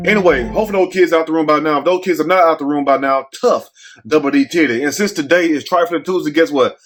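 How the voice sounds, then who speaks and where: A man's voice: fairly high pitch, fast talker, fairly bright tone, soft background music. Blunt, joking man hosting a commentary show. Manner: blunt, joking, rhetorical questions to the audience. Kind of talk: casual storytelling commentary.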